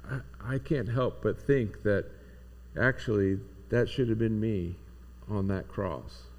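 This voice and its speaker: A man's voice: on the low side, slow. A man preaching a sermon as pastor, speaking in an earnest, reflective way.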